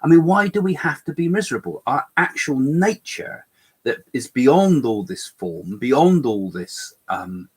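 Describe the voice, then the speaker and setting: A man's voice: medium pitch, sing-song, measured pace, darkish tone, breathy edge. An older man co-hosting a live chat, talking in a rambling way with many fillers and restarts, with a slight cough. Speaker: co-host medium.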